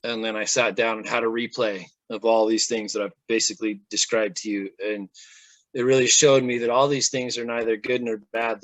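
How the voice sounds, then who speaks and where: A man's voice: fairly low pitch, no room sound, poor audio. Man telling a story, dry sound. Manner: animated, acts out quoted speech. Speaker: interview guest. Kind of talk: casual storytelling in an interview.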